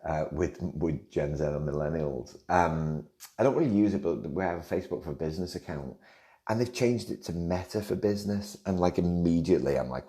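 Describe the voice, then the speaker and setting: A man's voice: low voice, brisk, mellow. A middle-aged man from the Liverpool area with a Liverpool accent, hosting a podcast and answering listener questions in a rambling, digressive way that keeps breaking off mid-sentence. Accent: Liverpool English. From England, Liverpool area. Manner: rambling, digressive, self-interrupting. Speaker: podcast host.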